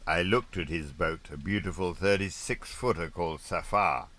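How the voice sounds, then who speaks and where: A man with a very low voice narrates an audiobook memoir. His tone is bright and forceful, and he delivers the narration with dry, wry understatement. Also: normal speed, a little hiss or hum.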